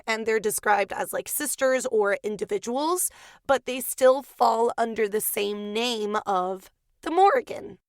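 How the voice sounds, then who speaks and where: Bright, playful young woman podcaster. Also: no room sound, studio quality. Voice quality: squeaky at times. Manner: playful, jokey, giggly, reads notes then riffs. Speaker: podcast co-host. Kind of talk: casual chat reading myth research.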